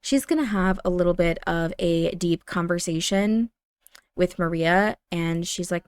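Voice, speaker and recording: A woman's voice: on the low side, a little slow, smooth, no room sound. A young adult woman casually narrating a life-sim story as she plays, chatty and full of fillers. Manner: chatty, warm-hearted, with fillers. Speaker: game storyteller.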